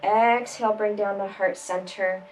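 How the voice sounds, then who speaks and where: A woman leading a chair yoga class, giving calm, gentle step-by-step cues for breathing and stretching. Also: medium pitch, measured pace, slight background noise. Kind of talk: guided exercise instruction. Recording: voice from a distance, faint background music.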